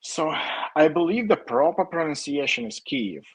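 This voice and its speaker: Ukrainian guy on a video call, kinda low husky voice, lots of likes and ums. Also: a little slow, no room sound, rough recording. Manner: hesitant, many fillers and restarts. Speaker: guest. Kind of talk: casual interview answers.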